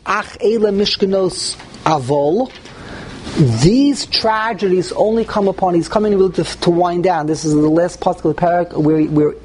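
Man, high voice, teacher, reads and translates line by line, faint background noise. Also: darkish tone, poor audio. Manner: reads aloud and translates, thinking aloud with restarts. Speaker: Torah teacher. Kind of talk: text-study class.

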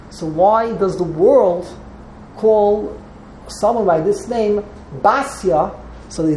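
A woman's voice: mid-range voice, warm tone, a little hiss or hum. Woman lecturing in a roomy echo. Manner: repeats and restarts words while explaining. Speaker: teacher of a text class. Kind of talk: classroom lecture with questions.

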